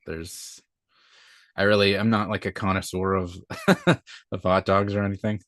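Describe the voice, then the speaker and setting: A man chatting casually as a guest on a stream, speaking in a halting, hesitant, rambling way. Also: low-pitched, level tone, a bit bright, dry recording. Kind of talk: casual chat.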